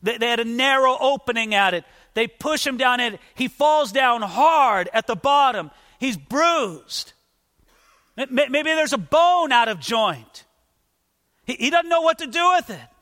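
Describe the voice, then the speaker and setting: A man preaches a sermon, acting out the people of a Bible story with dramatic voices. His voice is high and bright, and it rings out with a long reverb as if filling a large hall. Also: expressive, a little slow. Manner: dramatic, acts out Bible figures in quotes. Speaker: pastor.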